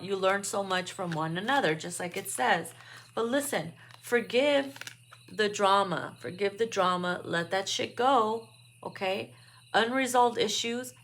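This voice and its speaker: A woman's voice: medium pitch, fairly bright tone, slight background noise. A woman doing a casual tarot card reading, blunt and profane, laughing often. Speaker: tarot reader.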